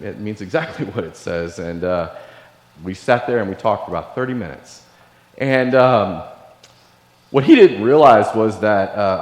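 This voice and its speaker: A middle-aged man from Illinois, a Navy veteran giving a keynote speech and telling a personal story in an earnest, confessional way. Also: low voice. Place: large hall. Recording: echoey hall with long reverb.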